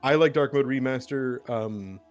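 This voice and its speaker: A man's voice: mid-range voice, a little slow, faint music behind. A man running a tabletop game over a voice call, explaining settings in an easygoing, helpful way with frequent ums. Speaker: game master.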